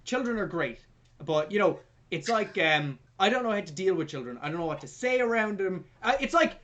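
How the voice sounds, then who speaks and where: A young man hosting a podcast, retelling a film plot in a jokey, sweary, animated way. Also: high-pitched, fairly quick. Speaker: podcast host. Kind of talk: casual film review chat.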